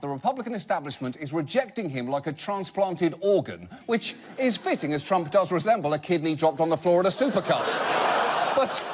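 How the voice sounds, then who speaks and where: A man hosting a show, delivering a sardonic scripted comedy monologue. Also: high-pitched. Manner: sardonic, rapid punchlines. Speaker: host. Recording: noisy studio broadcast.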